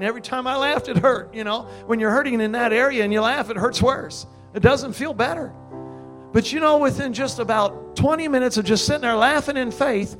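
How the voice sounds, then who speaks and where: An older man preaching, telling a story in an animated way and breaking into loud laughs and high exclamations. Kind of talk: sermon testimony.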